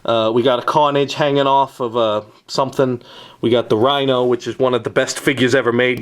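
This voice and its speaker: Man, casual vlog, rambling, jokey, middle pitch, at home. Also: steady tone, brisk. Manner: rambling and jokey, lots of "uh" and "we got". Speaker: vlogger showing his toy collection. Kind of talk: casual home video tour.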